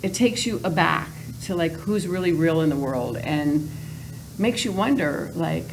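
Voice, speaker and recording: A woman's voice: sits low, expressive, measured pace, creaky, background noise. A woman appearing as a talk show guest, grateful and gushing, laughing often. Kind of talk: casual talk show chat.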